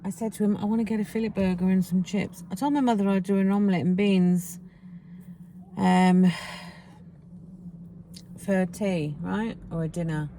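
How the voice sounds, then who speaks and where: A woman's voice: mid-range voice, steady tone, moderate pace, long pauses. A middle-aged woman, chatting and rambling in a casual vlog while driving, with frank, slangy asides. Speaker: vlogger. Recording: loud road and car noise.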